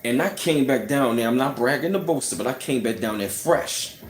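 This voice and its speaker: A man's voice: mid-range voice, lively intonation, fairly quick, a little hiss or hum. A man telling a personal story in a casual, heated rant, scornful and full of "you know what I'm saying". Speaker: channel host. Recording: roomy echo.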